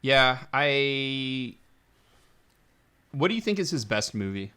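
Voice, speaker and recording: A man's voice: mid-range voice, sing-song, takes it slowly, bright, forceful tone, clear, resonant tone. A man co-hosting a podcast, chatting enthusiastically with frequent restarts. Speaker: podcast co-host. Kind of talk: casual chat.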